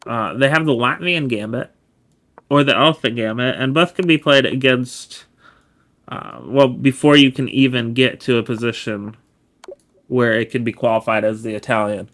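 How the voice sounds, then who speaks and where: A man's voice: mid-range voice, moderate pace, fairly bright tone. A man giving casual chess study commentary, laid-back and explanatory, often correcting himself as he goes. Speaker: chess streamer.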